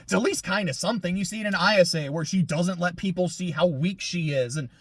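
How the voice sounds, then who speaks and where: A man's voice: sits high, a little fast, a bit bright, no echo. A man giving casual, profane and sarcastic video essay commentary as an anime reviewer.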